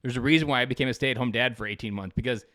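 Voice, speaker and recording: A man's voice: mid-range voice, rapid-fire, fairly bright tone, dry recording, studio quality. A man in his thirties, a Marine veteran and podcast guest, giving blunt, profane, emphatic motivational talk.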